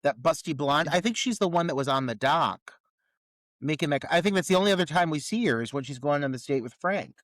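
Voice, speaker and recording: A man's voice: a little high, animated, brisk, fairly bright tone, no room sound, rough recording. A man co-hosting a podcast in casual film review chat, exasperated and ranting in rhetorical questions with plenty of swearing. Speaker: podcast co-host.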